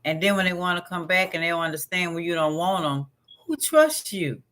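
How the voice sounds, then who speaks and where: A man with a slightly high voice reads passages aloud in an unhurried way. He often breaks off into casual asides to his listener. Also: little pitch movement, bright, forceful tone. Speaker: vlog host. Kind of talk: reading astrology text aloud and chatting.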